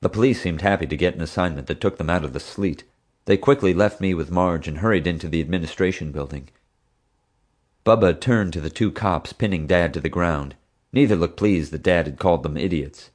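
A man reading an audiobook in steady, even first-person narration. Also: low-pitched, brisk.

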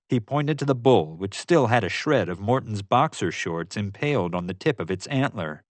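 A man narrating a story aloud in a lively, expressive way. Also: on the low side, normal speed, few pauses, no room sound. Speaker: audiobook narrator. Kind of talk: scripted narration.

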